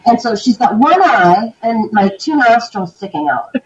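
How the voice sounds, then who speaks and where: A woman co-hosting a podcast, telling stories in a casual, giggly, animated way. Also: fairly high pitch, a little slow, distant mic, highs cut off, a little hiss or hum. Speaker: podcast co-host. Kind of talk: casual storytelling chat.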